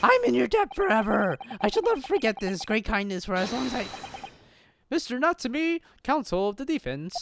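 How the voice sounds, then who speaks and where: A man's voice: extremely high pitch, big pitch swings, normal speed, gravelly, background noise, voice pushed up, heavily acted. A man voicing a dramatic, grateful young Japanese man with a grandiose, theatrical delivery.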